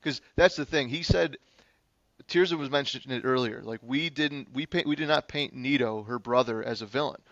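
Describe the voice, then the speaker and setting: Guy telling a crazy court story, bright punchy voice, swears a lot, kinda muffled lo-fi audio. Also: mid-range voice, no echo. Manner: animated, profane, fast-moving anecdote. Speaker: public defender. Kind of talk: casual podcast storytelling. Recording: slightly dull lo-fi sound.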